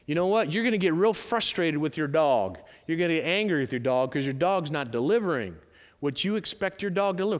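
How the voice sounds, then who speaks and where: High-voiced preacher man in a reverberant hall. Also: quick pace. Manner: animated, emphatic preaching with sudden rises and drops. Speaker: pastor. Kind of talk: sermon. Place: church sanctuary. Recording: long church hall reverb.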